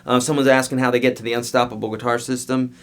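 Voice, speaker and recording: Male guitar teacher, live online lesson, energetic and emphatic, mid-pitched, talks right at viewers. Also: quick pace. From United States.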